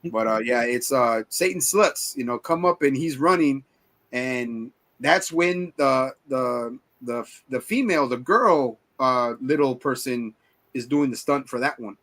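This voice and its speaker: A man's voice: medium pitch, unhurried, a bit bright. A man in his forties co-hosting a casual movie review chat, rambling and swearing as he retells scenes. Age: 40s. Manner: rambling, profane, retells scenes in quoted voices. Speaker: podcast co-host.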